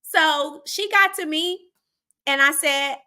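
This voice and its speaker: A woman from Arkansas, hosting a show and telling a story in a chatty, animated way straight to her listeners. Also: high-pitched, takes it slowly. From Arkansas, USA. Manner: chatty and animated, often addressing listeners directly. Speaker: host. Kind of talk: casual storytelling to the audience.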